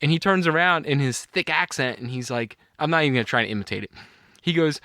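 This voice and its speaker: A man's voice: a little high, quick pace, sharp tone, no echo, studio quality. A middle-aged man co-hosting a podcast, telling a rambling story in casual chat and laughing at his own anecdote. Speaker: podcast co-host.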